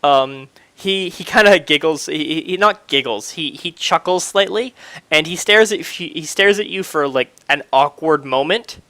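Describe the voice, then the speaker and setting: A man's voice: fairly high pitch, normal speed, bright, forceful tone, no room sound. A young man narrating as game master, stumbling through many fillers and restarts.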